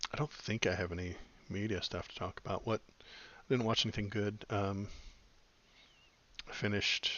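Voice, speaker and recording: A man's voice: deep voice, a bit bright, lo-fi sound. A man hosting a podcast in casual chat, rambling and wry with lots of fillers. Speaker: podcast host.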